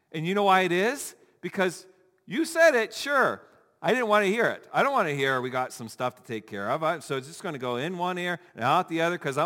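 A male pastor preaching a sermon, animated, acting out the people he quotes. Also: a little high. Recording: long hall reverb.

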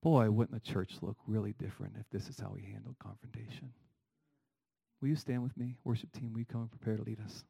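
A middle-aged man preaching a sermon as pastor, animated, asking the congregation rhetorical questions. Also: on the low side, a little fast, creaky, slightly rough, poor audio.

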